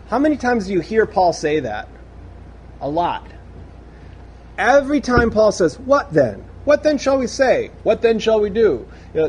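Leading a chatty scripture lesson, a Bible study teacher rereads passages aloud and then explains them with emphasis. His voice sits high but has a somewhat dark tone.

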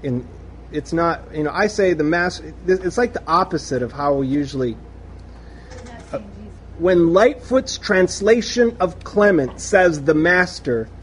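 A man teaches the Bible conversationally, going back over passages aloud and unpacking them in an emphatic, talkative style. His voice is slightly high, and a faint hiss or hum runs under the recording.

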